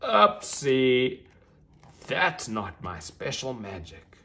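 A man voicing a gentle, hopeful young female unicorn in a children's storybook reading, sweet and full of wonder. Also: mid-range voice, big pitch swings, drawn-out words, pitched above the performer's own voice, full character voice. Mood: cheery.

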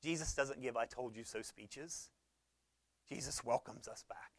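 A man, preaching a conversational sermon that swings between loud emphasis and quiet low talk. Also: unhurried, dry recording. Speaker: pastor.

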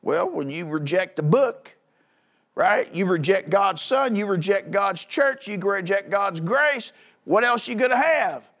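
A fiery male preacher with a high-pitched voice that dips into low, rumbling asides and climbs into loud, forceful bursts. He keeps pressing the congregation for agreement, and he reads old-style scripture in measured tones. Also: expressive, vocal fry. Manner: emphatic preaching with frequent call-outs for agreement. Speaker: pastor. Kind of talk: fiery sermon.

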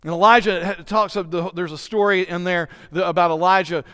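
A man's voice: sits high, fairly even intonation, fairly quick, pushed and bright, smooth. A man preaching a sermon as pastor, earnestly asking his congregation direct questions. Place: church sanctuary. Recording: long hall reverb in a church.

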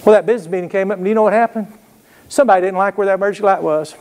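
Folksy preacher, fairly high voice. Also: male voice, very fast, darkish tone, clear, resonant tone. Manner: folksy storytelling with call-and-response asides. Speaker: pastor. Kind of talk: sermon.

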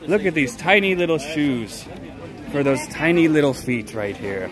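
A man's voice: a little high, expressive, moderate pace. A man streaming live on his phone, walking an outdoor night market and joking theatrically. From United States. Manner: playful, theatrical and jokey. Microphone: handheld phone. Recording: phone mic with loud street crowd. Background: busy crowd chatter.

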